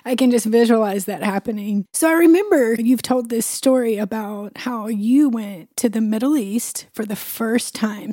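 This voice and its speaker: A woman's voice: a little high, normal speed, few pauses, mellow, no echo, studio quality. A woman podcast host encouraging her guest to tell a story. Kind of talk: interview.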